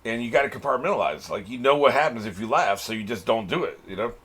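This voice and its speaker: A man's voice: medium pitch, expressive, quick pace, fairly bright tone, slightly rough. A man hosting a reaction channel, giving casual commentary on an anime episode, laughing often and swearing freely.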